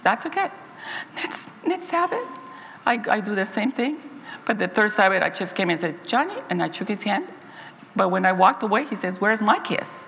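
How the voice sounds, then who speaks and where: A woman's voice: medium pitch, sing-song, normal speed, vocal fry, a bit bright, in a large hall, slight background noise. A woman Sabbath school teacher giving an earnest, heartfelt personal testimony to her church congregation, often restarting her sentences.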